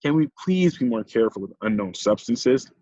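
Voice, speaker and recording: Brief: careful, sensible boy, husky male narrator's own voice. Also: mid-range voice, animated, moderate pace, mellow, dry recording, dull audio, close to an everyday voice. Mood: exasperated. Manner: careful, a little exasperated. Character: cautious, sensible young boy.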